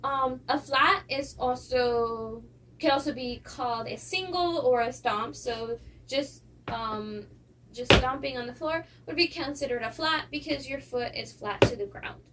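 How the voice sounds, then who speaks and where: A young woman with a high, light voice walks students through footwork and counts the steps aloud. She sounds set back from the microphone, and steady noise runs under her voice. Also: measured pace. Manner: counts steps aloud, with little laughs and fillers. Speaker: dance teacher. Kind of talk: instructional lesson. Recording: distant mic with clear noise.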